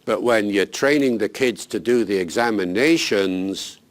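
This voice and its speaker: An older man, a linguist, giving teachers unscripted advice in an animated, emphatic, conversational way. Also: lowish voice, a little slow. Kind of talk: unscripted explanatory talk.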